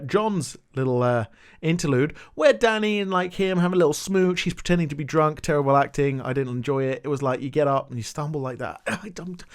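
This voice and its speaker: A young man recapping a TV episode in a casual rant, animated and swearing, with exasperated outbursts. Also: medium pitch. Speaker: TV recap vlogger.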